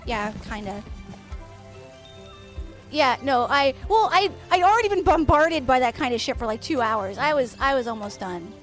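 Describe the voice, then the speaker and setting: While playing a game on stream, this woman from Canada spins loose, meandering stories laced with plenty of profanity. Her voice sits high and sounds fairly bright, and her manner is chatty and rambling.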